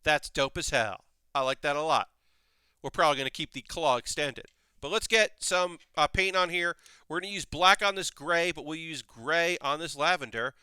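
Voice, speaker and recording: A young man chats through a model-kit build on his live stream, rambling from one aside to the next with animated bursts. His voice sits a little high for a man, forceful and bright, crisp and smooth. The close desk mic sounds dry, with no room around it. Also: normal speed, no room sound. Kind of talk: casual live-stream chat.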